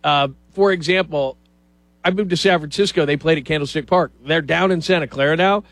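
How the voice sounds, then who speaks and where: A man's voice: on the high side, brisk, fairly bright tone, no room sound. A man hosting a talk show, riffing with opinions and mock quotes in casual chat. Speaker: radio show host.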